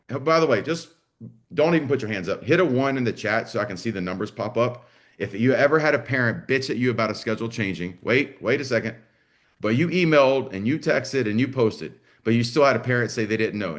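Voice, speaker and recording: A male business coach running a live online session in a mid-range voice. He talks bluntly and with energy, swears freely, and slips into acting out conversations with staff and parents. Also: medium pitch. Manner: blunt, salty, energetic, acts out dialogue. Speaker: business coach for martial arts school owners.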